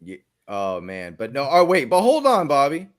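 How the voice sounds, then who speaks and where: A man's voice: medium pitch, wildly swooping pitch, normal speed. A man hosting a casual toy podcast, blunt and joking, swearing and laughing as he runs the scoring. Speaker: podcast host. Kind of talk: casual chat.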